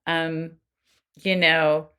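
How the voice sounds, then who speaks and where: A woman's voice: sits low, flat delivery, extremely slow, bright, forceful tone, smooth. A woman guest on a podcast interview, explaining earnestly and acting out quoted voices now and then. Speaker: guest expert on child development.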